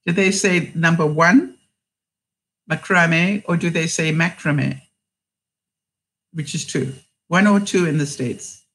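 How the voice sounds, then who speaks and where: A woman's voice: on the low side, normal speed, rough recording. A woman hosting a casual livestream, chatting in a rambling way, laughing often and reading out viewer comments.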